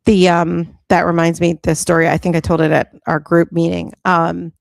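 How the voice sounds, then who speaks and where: A woman coach hosting a talk show, telling a story in a direct, lively way. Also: on the low side, normal speed, vocal fry, no room sound. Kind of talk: casual chat.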